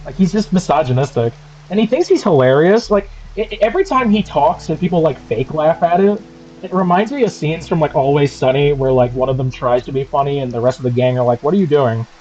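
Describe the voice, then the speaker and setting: Brief: male streamer, lively swooping pitch, crude mocking banter, dull lo-fi sound with faint music. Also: fairly quick, a little hiss or hum. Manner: animated, profane, mocking. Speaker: streamer co-host. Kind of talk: casual stream commentary.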